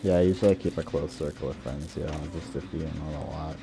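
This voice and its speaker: A male streamer chatting casually while he plays a game, relaxed and prone to trailing off. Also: extremely low pitch, a little fast. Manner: laid-back, trailing off and asking questions. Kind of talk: casual chat while gaming. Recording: noisy background.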